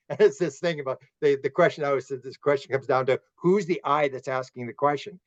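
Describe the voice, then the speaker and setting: A man's voice: a little high, fairly even intonation, fast talker, hardly any pauses, no room sound. A man hosting a casual podcast chat, talking in a rambling way with frequent restarts. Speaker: podcast host. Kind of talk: casual conversation. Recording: dull lo-fi dry sound.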